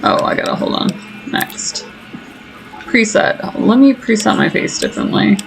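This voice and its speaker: A woman's voice: on the high side, lively intonation, normal speed, creaky, music in the background, low-quality recording. A woman streamer giving chatty, self-mocking running commentary while she plays a game. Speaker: gaming streamer. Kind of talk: casual let's-play commentary.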